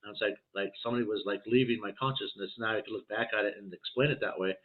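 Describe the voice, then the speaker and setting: Middle-aged male guest, animated storyteller who acts out quotes, sound squeezed like a phone call. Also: fairly low pitch, fast talker. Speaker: podcast guest, healer. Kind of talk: storytelling in a casual interview. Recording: tinny phone-like line.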